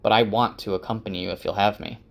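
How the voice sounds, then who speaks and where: A man voicing a calm, fatalistic male warrior who speaks plainly. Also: fairly low pitch, fast talker, vocal fry. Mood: matter-of-fact.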